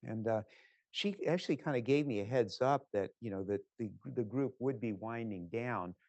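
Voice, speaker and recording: An older man, a physician, giving a lecture full of personal anecdotes in a conversational, rambling way with many filler pauses. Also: medium pitch, a little mellow, dry recording.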